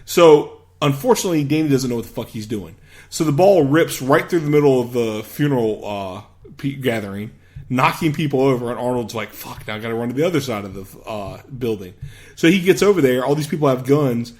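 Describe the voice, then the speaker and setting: A man's voice: mid-range voice, animated, brisk, darkish tone. A man co-hosting a podcast, animatedly recapping a movie and acting out its scenes in big voices. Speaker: podcast co-host. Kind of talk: casual movie recap chat.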